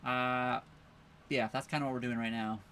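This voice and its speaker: A man's voice: mid-range voice, level tone, moderate pace, fairly bright tone, a little hiss or hum. Easygoing man chatting on a boat livestream. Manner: easygoing, rambling, reads viewer comments aloud. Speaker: live stream host. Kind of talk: casual live stream chat. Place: on a sailboat at a marina.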